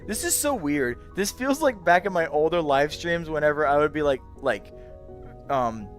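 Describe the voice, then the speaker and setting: A man's voice: on the high side, animated, moderate pace, faint music behind. A tired young man chatting casually on a late-night livestream, yawning and rambling as he greets his chat by name. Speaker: VR streamer.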